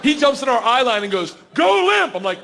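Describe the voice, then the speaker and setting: A man in his thirties telling a wild story in stand-up comedy, loud and animated, yelling the big moments and laughing through his lines. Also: extremely high pitch, fast talker, crowd noise, noisy background. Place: comedy club stage before a laughing audience. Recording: live hall reverb, faint ambience.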